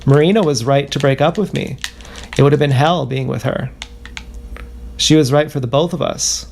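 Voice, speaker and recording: A man livestreaming a rambling confessional monologue, halting and self-questioning, circling back over the same words. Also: medium pitch, vocal fry, a little mellow, a little hiss or hum.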